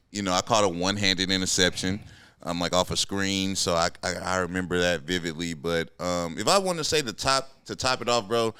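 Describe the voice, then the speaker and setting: Deep-voiced man in his thirties hosting a podcast, loose and slangy, crisp dry studio sound. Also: pushed and bright, no echo. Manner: laid-back and slangy. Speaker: podcast host, former pro football player. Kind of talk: casual podcast chat.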